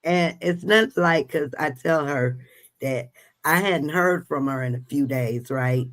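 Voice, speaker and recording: Interview host who talks slowly and affirms the guest often. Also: mid-range voice. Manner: slow, warm-hearted questioning with many affirmations. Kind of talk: casual live-stream interview.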